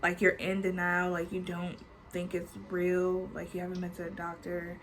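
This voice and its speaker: This storytime vlogger, a woman in her twenties, shares a personal story with her audience, chatty and casual, swearing freely and peppering her talk with "like." Her lowish voice is delivered completely flat at a moderate pace. The audio is poor, with a little hiss or hum.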